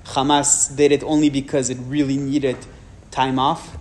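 A man with a French accent, giving a public talk and answering audience questions frankly, with measured pauses and restarts. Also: medium pitch, flat delivery, darkish tone.

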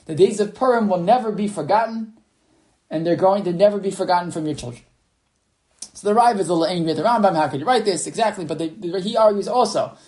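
A man's voice: high voice, a little mellow. A man teaching a Torah class over a video call, telling a story and reading sources, with many fillers and restarts. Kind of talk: online class lecture.

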